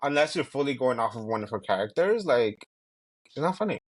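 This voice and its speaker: A man's voice: medium pitch, sing-song, a little fast, slightly rough. Blunt, swearing man on a podcast. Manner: blunt, shady, swears freely. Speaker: podcast co-host. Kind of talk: casual chat recapping a reality show.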